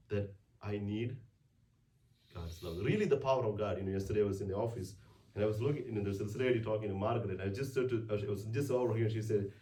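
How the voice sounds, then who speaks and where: Here a man with a lowish, mellow voice preaches a weekday homily in a church, conversational in style, with many restarts and rhetorical questions. He's heard through a distant mic, so the sound is roomy, with slight background noise.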